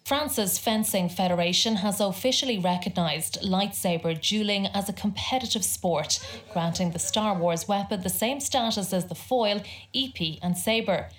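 A woman reading out quirky news stories for a comedy panel in a measured, neutral tone. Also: medium pitch. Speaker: headline reader. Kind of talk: scripted news-style reading.

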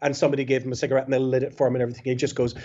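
A man's voice: mid-range voice, little pitch movement, very fast, dark tone. A man with a Belfast accent, a musician calling in to a radio show, telling anecdotes in a chatty way with restarts. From West Belfast, Northern Ireland. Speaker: musician guest on the phone. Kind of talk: storytelling radio phone-in. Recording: muffled phone line.

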